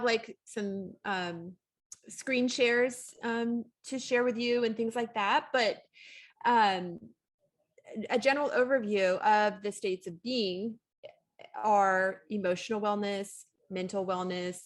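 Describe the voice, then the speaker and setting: A woman co-hosting a wellness show, talking casually and haltingly with frequent pauses and restarts while sitting on a couch. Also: medium pitch. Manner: halting, many ums and restarts. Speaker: wellness coach, co-host. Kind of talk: casual coaching talk.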